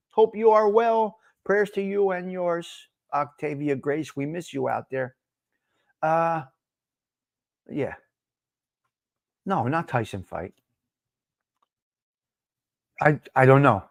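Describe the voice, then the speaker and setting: A man's voice: a little high, dry recording, clean studio sound. A man hosting a live stream, chatting casually with viewers, laughing often and answering the chat. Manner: laughing, animated, talks back to chat.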